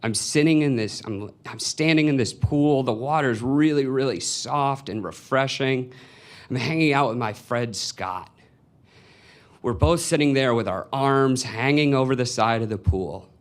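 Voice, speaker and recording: A man in his twenties, with a medium-pitched, unhurried voice, tells a personal story on stage before a live audience. His delivery is wry and confessional.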